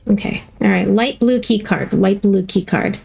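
A woman's voice: mid-range voice, moderate pace, creaky, a little mellow, slightly rough. A woman hosting a gaming video, giving chatty let's-play commentary and playfully reacting to herself as she plays.

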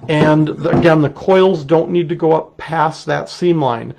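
A middle-aged man with a Wisconsin accent, demonstrating a clay technique in a relaxed, chatty way as he works. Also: on the high side, unhurried, vocal fry, background noise. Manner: relaxed, chatty, explains while working. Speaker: clay artist teaching a technique. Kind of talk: casual live demonstration.

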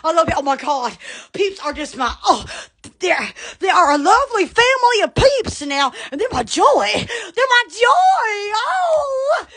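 A woman with a drawl hosts a phone livestream, her voice extremely high and swooping wildly with every squeal. She talks slowly and exclaims constantly between bursts of laughter. Her tone is bright and sharp. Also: big pitch swings. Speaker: livestream host. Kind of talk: excited livestream chatter.

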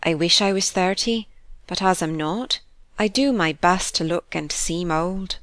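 A woman voicing a meek, poor young governess in an audiobook, speaking softly and low. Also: steady tone, moderate pace, smooth, dry recording, clean studio sound, natural voice. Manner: soft, low, quiet.

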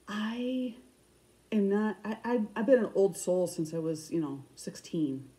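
A middle-aged woman with a Michigan accent, chatting fast and loosely to camera about her cross stitch projects, often restarting her sentences. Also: mid-range voice, warm tone, slight background noise, rough recording. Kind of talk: casual chat to camera.

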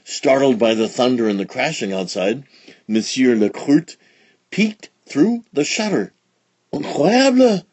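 A man reading a children's storybook aloud with expressive, dramatic storytelling. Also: medium pitch, unhurried, husky, no echo, highs cut off. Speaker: storybook reader. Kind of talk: children's read-along narration.

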